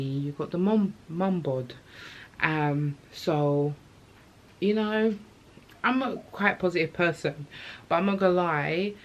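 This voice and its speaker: Talking about motherhood on her vlog, a young woman from England speaks in a low voice, and the recording's highs are cut off. She's open, chatty and emotional, using slang as she tells her story over faint background noise.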